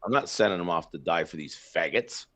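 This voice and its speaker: Deep-voiced ranting Canadian man. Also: animated, fairly quick, bright, forceful tone. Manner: blunt, ranting, many fillers and restarts. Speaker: podcast host. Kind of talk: casual political chat. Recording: slightly dull lo-fi sound.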